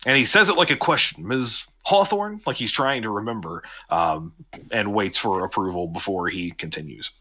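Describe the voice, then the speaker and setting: A man narrating as game master of a tabletop role-playing game over a video call, unhurried, with frequent fillers and restarts. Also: low-pitched, animated, bright, forceful tone, slightly rough.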